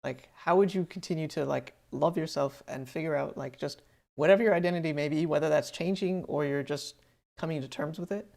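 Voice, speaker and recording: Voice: medium pitch, brisk, vocal fry, a little mellow. A podcast co-host talking casually, rambling through thoughts with lots of "like" and "um". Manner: rambling, many fillers and restarts.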